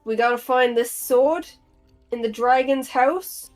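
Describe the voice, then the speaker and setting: Slow, musing woman player. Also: sits high, darkish tone, faint music behind, rough recording. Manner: thinking aloud with many fillers. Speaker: player and note taker. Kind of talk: casual tabletop game chat.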